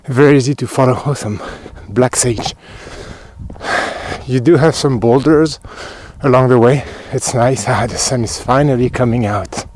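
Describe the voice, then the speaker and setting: A man with a French accent talks his way along an outdoor hiking trail on a cold day, pointing things out as he films. He sounds slightly out of breath, his voice sits at a middling pitch, and he drifts into quiet muttered asides between remarks. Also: a little slow, poor audio. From France. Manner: chatty, muttering asides while walking. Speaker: hiking vlogger. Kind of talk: casual walking commentary.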